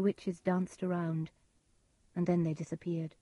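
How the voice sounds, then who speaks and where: A woman giving calm, measured storybook narration. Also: on the low side, husky, no room sound.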